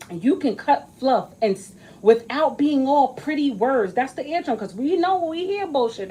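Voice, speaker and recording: A woman's voice: high voice, mellow, rough recording. A woman talking straight to camera in a casual vlog about an astrology reading, swearing often, emphatic and joking as she rambles.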